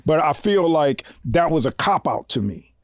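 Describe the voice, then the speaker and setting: A man co-hosting a casual movie review podcast, talking with profane, animated energy and bursts of loud laughter. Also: a little high, moderate pace, dry recording, clean studio sound. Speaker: podcast co-host.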